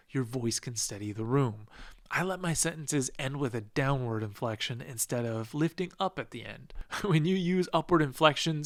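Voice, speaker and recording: A man coaching managers in a calm, measured and instructive way, his voice sitting a little high for a man. The sound is dry and close, with no room echo at all. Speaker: leadership coach. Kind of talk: scripted coaching monologue.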